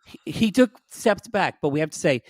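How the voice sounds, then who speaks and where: A man's voice: a little high, lively intonation, normal speed, no echo. A man co-hosting a podcast, animatedly recapping a reality show and quoting the scenes. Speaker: podcast co-host. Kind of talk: casual recap chat.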